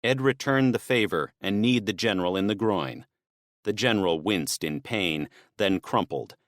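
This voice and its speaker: Steady and measured, a man with a lowish voice narrates a scripted audiobook. The studio sound is clean, with no room sound at all.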